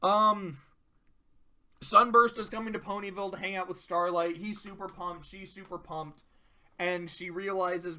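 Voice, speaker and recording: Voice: mid-range voice, normal speed, bright, forceful tone. A cartoon episode reviewer in casual video commentary, rambling with profanity and laughing asides.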